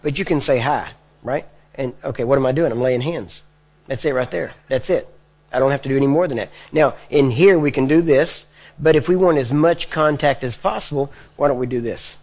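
A man's voice: medium pitch, a little fast, darkish tone. A man preaching to a live audience, teaching step by step in a plain conversational way and often checking in with his listeners. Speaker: preacher teaching healing prayer. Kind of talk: sermon. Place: church or meeting hall before a live audience.

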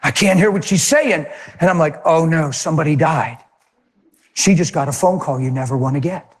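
A man preaching, telling a personal testimony in an animated, emotional storytelling manner. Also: a little high, brisk, in a large hall. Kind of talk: sermon testimony.

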